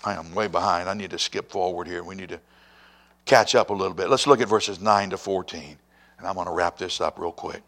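A man preaching a sermon to a congregation, rising to ringing emphasis and then dropping to a quiet hush. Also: low voice, fairly even intonation, a little fast. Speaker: pastor.

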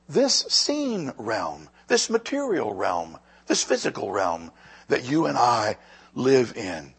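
A man preaching a sermon with a raspy voice, moving between quiet, slow emphasis and loud, lively passages. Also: mid-range voice. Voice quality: husky. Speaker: pastor.

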